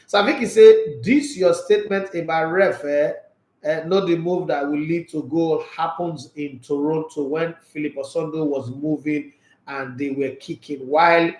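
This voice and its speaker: Animated Nigerian man, echoey room. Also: a little high. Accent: Nigerian English. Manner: animated, switches into pidgin, rhetorical questions. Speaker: sports show host reading viewer comments. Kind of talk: casual live commentary chat.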